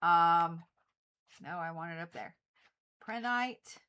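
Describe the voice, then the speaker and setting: A woman's voice: fairly low pitch, takes it slowly, pushed and bright, clear, resonant tone, muffled recording. A woman hosting a livestream, chatting casually and repetitively with viewers and swearing freely. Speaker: livestream host reading zodiac forecasts.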